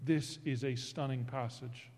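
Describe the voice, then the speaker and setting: A man preaching a sermon, reading scripture dramatically and swinging from hushed tones to booming declarations. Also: fairly even intonation, a little slow. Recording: long hall reverb.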